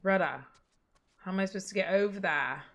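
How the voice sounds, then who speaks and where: A woman's voice: mid-range voice, a little fast. A woman streaming a video game, talking casually to her chat with lots of swearing and laughter. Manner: profane, chatty, laughs easily. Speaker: gaming streamer. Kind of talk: casual gameplay commentary.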